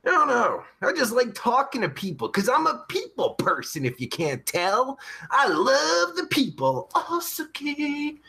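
A crude, foul-mouthed pervert character, put on by a man hosts a rambling comedy stream. His voice sits high and swoops all over, sharp and bright on top. Underneath it's gravelly and raspy. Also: huge pitch swings, a little slow, heavily acted. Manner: crude, rambling, swears constantly. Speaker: host. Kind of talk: comedic live stream chat.

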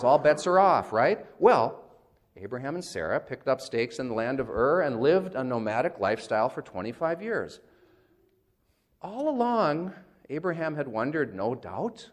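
Wry, conversational male preacher. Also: fairly high pitch. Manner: conversational, wry, acts out quotes. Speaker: pastor. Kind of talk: sermon.

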